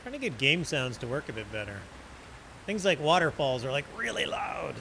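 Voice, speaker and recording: A man's voice: fairly high pitch, sing-song, normal speed, vocal fry, pushed and bright, slight background noise. A man casually rambling and chatting while streaming a fantasy game, often restarting his sentences. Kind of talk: casual gameplay commentary.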